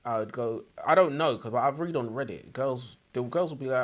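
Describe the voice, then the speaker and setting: A man's voice: mid-range voice, normal speed. Male co-host, mid-range voice, rambling, hesitant delivery for casual chat. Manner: rambling, hesitant with fillers and restarts. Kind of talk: casual book-review chat.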